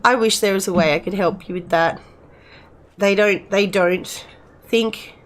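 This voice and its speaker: A middle-aged woman gives casual game commentary in a middle-pitched voice. She rambles in a relaxed, chatty way and talks to the on-screen characters as if they were friends. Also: moderate pace. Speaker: gamer playing and commenting.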